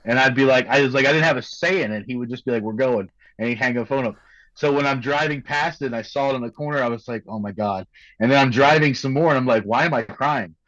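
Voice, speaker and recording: Man, earnest, halting, repeats words, candid guest, dry dull sound. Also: medium pitch, a bit bright, dry recording. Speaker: podcast guest. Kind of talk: candid conversation.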